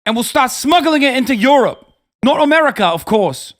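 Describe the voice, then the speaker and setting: Man playing a boastful young Taliban wannabe hustler, raised high voice, swaggering. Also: big pitch swings, brisk. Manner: swaggering, brags about getting rich.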